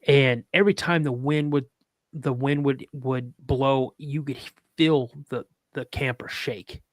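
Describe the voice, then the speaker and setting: A man's voice: medium pitch, steady tone, unhurried, no room sound, clean studio sound. A man, a podcast guest, telling a story in casual chat, rambling with restarts and fillers and acting out other people's lines in a raised voice.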